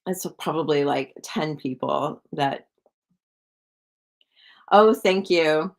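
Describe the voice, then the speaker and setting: A woman speaks to her live-stream viewers as a psychic host, slow and easygoing with a somewhat low voice. Her talk wanders, full of "like", and she keeps asking the audience how they feel. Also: creaky. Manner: rambling, heavy use of "like", keeps asking viewers questions.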